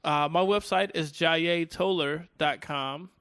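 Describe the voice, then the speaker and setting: A podcast co-host chats casually, teasing and laughing often. His voice is fairly high, slow, fairly bright, clear and resonant, recorded with clean studio sound and no room sound.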